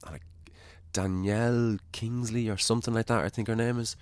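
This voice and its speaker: A man's voice: fairly low pitch, fairly even intonation, brisk, smooth, no echo, clean studio sound. A man with an Irish accent hosting a casual podcast, probing his guest with chatty questions and casual swearing. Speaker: podcast host.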